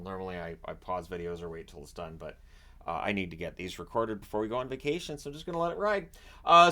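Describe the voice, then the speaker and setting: Recording at home beside a running washer, the hockey channel host rambles through his picks with joking asides. His voice is lowish and a bit bright in this casual solo commentary.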